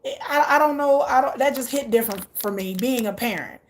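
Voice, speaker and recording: A K-pop vlogger chats casually, reacting aloud to viewer comments while gushing and laughing often. Her voice sits high and moves briskly.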